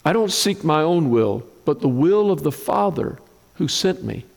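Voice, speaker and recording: Slow, emphatic preacher in a reverberant hall. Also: male voice, animated, gravelly. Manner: slow, emphatic preaching with dramatic pitch swings. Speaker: pastor. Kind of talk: sermon.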